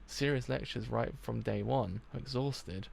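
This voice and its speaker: A man with a gravelly voice reading a comic aloud live, in a casual way, stumbling and restarting often. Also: medium pitch, measured pace, a little mellow, slight background noise.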